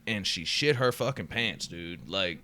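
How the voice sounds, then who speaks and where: A man's voice: low voice, expressive, a little slow, sharp tone. A man co-hosting a podcast, telling a story in a laid-back, profane way and saying "dude" and "bro" often. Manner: laid-back, swears freely, says "dude" and "bro" a lot. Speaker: podcast co-host. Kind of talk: casual storytelling chat.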